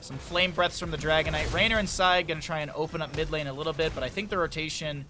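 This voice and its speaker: Young male caster, slightly high voice, chatty and excitable, headset over faint game sounds. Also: fast, noisy background. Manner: chatty, jumps from banter to excited play-by-play. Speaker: esports caster. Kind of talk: solo game commentary.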